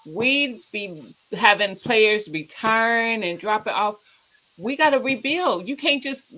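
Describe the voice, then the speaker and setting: Chatty home-cooking host, a woman, bright tone and faint room noise, animated fan banter. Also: mid-range voice, rough recording. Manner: animated, trash-talking football fan. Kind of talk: casual livestream chat.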